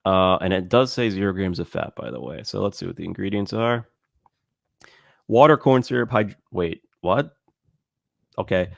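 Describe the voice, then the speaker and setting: A man co-hosting a podcast in casual chat, reading ingredient labels aloud with halting fillers. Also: deep voice, vocal fry, no room sound, clean studio sound. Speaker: podcast co-host.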